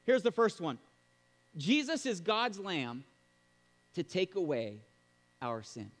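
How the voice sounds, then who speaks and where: A male pastor delivering a sermon in a fairly high, very lively voice that leaps up into loud bursts of emphasis. His words ring with a long reverb from a large church sanctuary. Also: slow pace. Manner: emphatic, animated preaching with sudden loud bursts.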